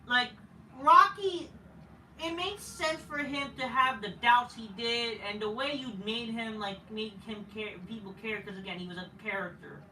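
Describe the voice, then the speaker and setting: A man tears through a wrestling review in a loose, profane rant, sounding exasperated as he rambles along. His voice is bright and sharp, heard from some distance off a camera mic. The room gives it a strong echo, and a faint hiss sits underneath. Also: high-pitched, fairly even intonation, normal speed, few pauses. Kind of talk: casual ranting review.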